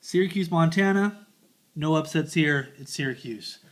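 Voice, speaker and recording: A man doing casual comedic sports commentary, picking tournament games with deadpan, rambling asides. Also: fairly high pitch, normal speed. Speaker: bracket picker.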